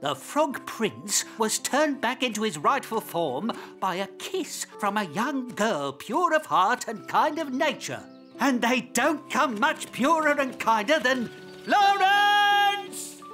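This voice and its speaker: A woman's voice: on the high side, big pitch swings, slow pace, a bit bright, heavily acted. A woman narrating a children's cartoon in a fairy-tale storytelling manner. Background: music.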